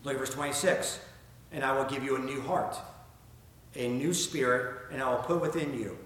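A man's voice: mid-range voice, fairly even intonation, normal speed, a bit bright. A man with a Southern accent preaching a sermon, asking rhetorical questions and reading scripture aloud in an earnest way. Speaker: pastor. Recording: very echoey room, faint ambient noise.

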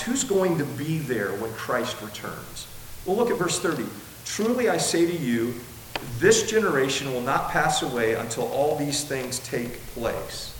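A man preaching a sermon as pastor, emphatic, slowing down to stress key words. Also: mid-range voice, far from the mic. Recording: echoey room with faint hiss.

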